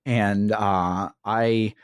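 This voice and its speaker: A man's voice: fairly low pitch, fairly even intonation, drawn-out words, smooth, no echo. Casual male podcast co-host, rambly plot recap, dry booth sound. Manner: rambling, recounts the plot with lots of fillers and restarts. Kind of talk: casual game recap chat.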